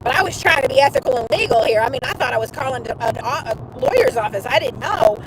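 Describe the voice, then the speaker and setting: High-voiced woman chatting in a noisy car. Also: fast talker. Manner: animated storytelling, mimics others, swears freely. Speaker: show host. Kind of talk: casual chat on a livestream.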